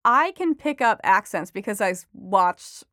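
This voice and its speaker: This guest, an entertainment reporter and author, talks conversationally in an expressive, mid-range voice that's fairly bright and a little slow. Laughter and filler words come often, and the close mic picks up no room sound.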